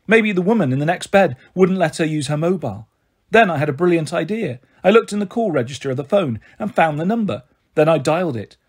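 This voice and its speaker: A man reading a children's novel aloud in steady first-person narration. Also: fairly high pitch, fairly quick, breathy edge. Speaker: reader. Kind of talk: storybook reading.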